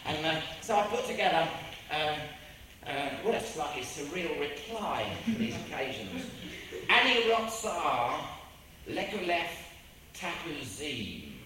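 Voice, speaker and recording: Rambling English raconteur, lively pitch, slightly high; recorded far off in a very reverberant space. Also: male voice, normal speed. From England. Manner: rambling, animated, with self-repeats and impressions. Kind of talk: anecdotal storytelling. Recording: very echoey room, distant mic, ambient noise.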